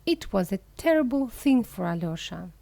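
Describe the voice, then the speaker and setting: A woman reading a children's story aloud for English learners, clear, careful and expressive. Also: mid-range voice, moderate pace, dry recording.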